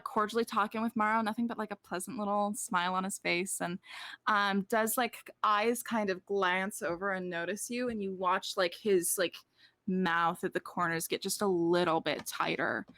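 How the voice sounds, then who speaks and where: A woman narrating a tabletop game as game master, unhurried and full of "like" and "um" fillers. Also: medium pitch, steady tone, fairly bright tone, no room sound.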